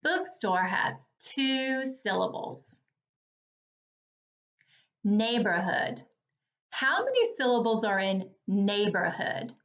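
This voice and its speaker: Slow, encouraging woman teaching phonics. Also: medium pitch, big pitch swings, fairly bright tone. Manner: slow, clear, encouraging, over-articulated. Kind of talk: phonics lesson for young children.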